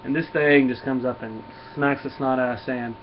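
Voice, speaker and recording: A man's voice: mid-range voice, fairly even intonation, normal speed. A man with a Southern US accent giving a casual comic book review, retelling the story in a rambling way with restarts. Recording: dull lo-fi recording, faint hiss.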